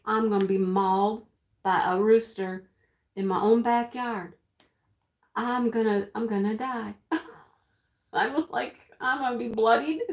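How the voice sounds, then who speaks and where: A woman's voice: mid-range voice, a little mellow, natural voice. An actress playing a chatty middle-aged woman who tells viewers a dramatic rooster story in a breathless, giggling way. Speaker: livestream storyteller. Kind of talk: sketch comedy monologue to viewers. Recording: roomy echo.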